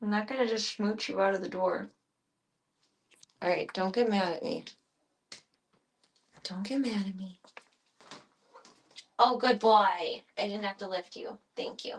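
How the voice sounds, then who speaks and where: A woman's voice: mid-range voice, measured pace, gravelly, long pauses. A woman streaming casually from her workplace, chatting and cooing in baby talk to the animals she looks after. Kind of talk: casual live-stream chat.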